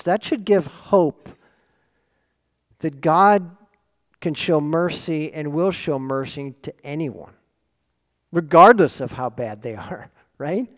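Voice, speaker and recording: A man preaching a sermon in an earnest, lively way, often asking rhetorical questions. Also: a little high. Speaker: pastor. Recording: long reverb of a large hall.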